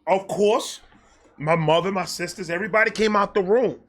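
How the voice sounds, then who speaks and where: Speaking at a normal pace, a New York-accented man from New York recounts a personal story, cursing and animated. The storyteller host alternates loud outbursts with quiet, muttered asides.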